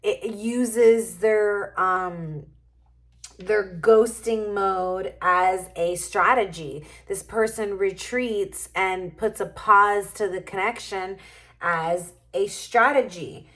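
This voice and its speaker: A woman's voice: medium pitch, slow, a bit bright. A woman doing a casual tarot reading to camera, musing and thinking aloud as she turns cards. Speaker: tarot reader.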